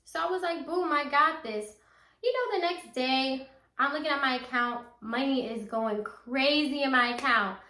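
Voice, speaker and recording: A young woman telling a story to her viewers in casual chat, acting out what people said with lively asides. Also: high-pitched, normal speed. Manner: animated, acts out quotes, talks straight to viewers. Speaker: storytime vlogger. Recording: echoey room.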